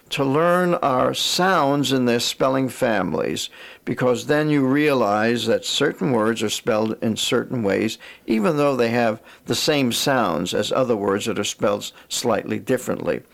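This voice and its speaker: Gravelly man explaining spelling patterns. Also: mid-range voice, a bit bright. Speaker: teacher.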